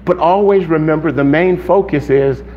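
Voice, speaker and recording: A man's voice: a little high, moderate pace, dull audio. A man preaching to a church congregation in an informal way, telling stories and acting out quotes, often checking in with "okay?". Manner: storytelling, acts out quotes, asks "okay?".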